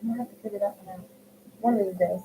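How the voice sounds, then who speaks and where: Talking very fast in a mellow, mid-range voice with fairly even intonation, a middle-aged woman crochets at home during a livestream. She reads comments from viewers aloud and answers them by name, all through tinny, phone-like audio with a faint hiss.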